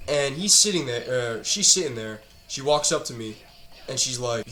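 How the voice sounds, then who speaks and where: A man's voice: medium pitch, normal speed, pushed and bright, echoey room. A teenage student ranting about school in an exasperated, profane way while he plays a video game. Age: teens. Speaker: student gamer.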